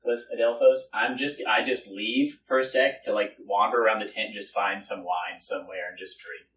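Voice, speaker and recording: A man's voice: on the low side, fairly even intonation, normal speed, a bit bright, slight background noise. A man playing a tabletop game, talking in a casual, offhand way. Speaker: player. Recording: roomy, distant mic.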